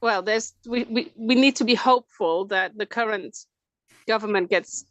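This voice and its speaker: A woman with a slightly raised voice talking in a thoughtful, measured way. Her voice sounds dry and close on a video call. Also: a little high, a bit bright, no room sound, lo-fi sound. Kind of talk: casual panel chat on a video call.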